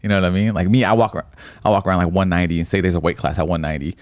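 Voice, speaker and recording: A young man co-hosting a casual sports podcast, excitable and swearing a lot, calling his friend bro. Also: deep voice, racing, no room sound, studio quality. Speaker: podcast co-host.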